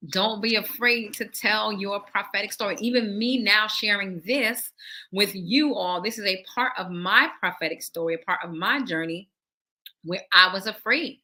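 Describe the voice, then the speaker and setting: Bright-voiced woman preacher telling a testimony. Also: medium pitch, a little slow. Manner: animated storytelling that acts out dialogue and addresses listeners as y'all. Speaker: prophet and preacher.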